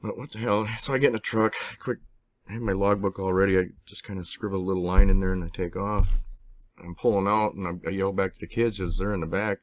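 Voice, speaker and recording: Deep-voiced man rambling through a story. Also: fairly even intonation. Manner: rambling, halting, frequent restarts and mild swearing. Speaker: interviewee recounting personal experiences. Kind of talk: casual spoken storytelling.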